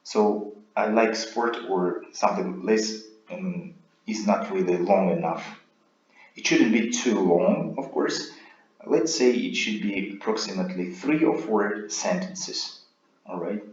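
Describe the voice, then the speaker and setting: A man giving a recorded speaking lesson as a teacher, explaining in a measured way and checking in with "right?". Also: lowish voice. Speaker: IELTS teacher. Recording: roomy, dull lo-fi sound.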